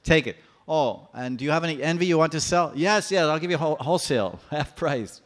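A man acting out an eager, offhand person who gladly hands over his faults, spoken a bit louder than his usual talk. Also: a little high, lively intonation, fairly quick, close to an everyday voice.

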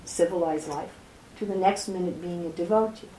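A woman teaching a scripture class slowly and deliberately, repeating key phrases, speaking softly because of a sore throat. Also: lowish voice, echoey room, slight background noise, rough recording. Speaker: spiritual teacher.

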